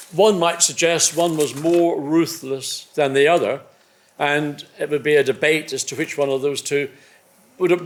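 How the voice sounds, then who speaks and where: An older man in his seventies speaks as the guest of an evening conversation, recalling his racing days. He talks in a slightly higher register, reflective and measured, often circling back to restart a thought. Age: 70s. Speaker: guest, former racing driver. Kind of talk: after-dinner conversation on stage. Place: club evening event indoors.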